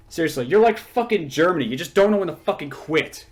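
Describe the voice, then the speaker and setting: A man's voice: on the high side, lively intonation, fast talker, few pauses. A man hosting his own channel, delivering an angry, sarcastic, profanity-laced response to a critic. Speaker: channel host. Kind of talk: angry response-video commentary.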